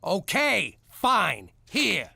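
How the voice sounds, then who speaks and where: A man voicing an Italian-American mob father with a New York accent in an animated cartoon, exasperated and soft on his daughter. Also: sits high, drawn-out words, creaky, very noisy, heavily acted. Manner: exasperated, blustering, then tender.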